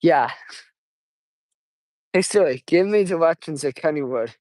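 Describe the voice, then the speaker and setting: An eighteen-year-old man vlogging on a casual walk outdoors, talking quietly and rambling with halting restarts, recorded on wireless earbuds. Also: a little high, lively intonation, dry recording, low-quality recording. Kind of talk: casual walking vlog.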